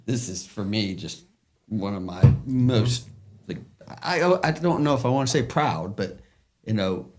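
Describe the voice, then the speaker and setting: A man in his sixties hosting a podcast, talking in a heartfelt, halting casual chat. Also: fairly low pitch, animated. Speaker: podcast host.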